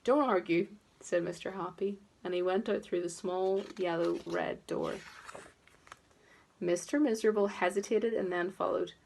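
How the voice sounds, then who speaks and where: A woman teacher reading a picture book aloud to toddlers, expressive and gently coaxing. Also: lowish voice, normal speed, vocal fry. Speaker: preschool teacher.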